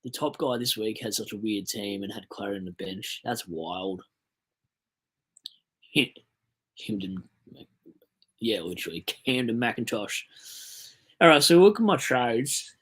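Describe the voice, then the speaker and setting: A young Australian guy hosts a laid-back livestream, rambling casually and reading viewer messages aloud. His voice sits on the low side and is husky yet fairly bright, expressive, a little slow, with frequent pauses.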